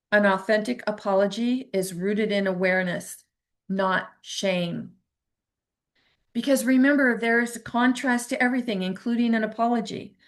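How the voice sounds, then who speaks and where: A middle-aged woman giving an earnest, encouraging self-help talk as a teacher, now and then acting out short quoted remarks. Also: fairly high pitch. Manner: earnest and encouraging, acts out little quoted lines. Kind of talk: motivational talk.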